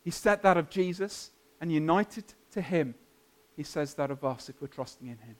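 A man delivering a sermon as a pastor. He speaks earnestly and emphatically in a slightly high voice, rising toward climaxes and then easing down. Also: expressive, moderate pace.

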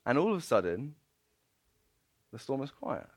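A man preaching a sermon and telling a story in an animated, playful way, often laughing. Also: medium pitch, moderate pace, husky, no room sound.

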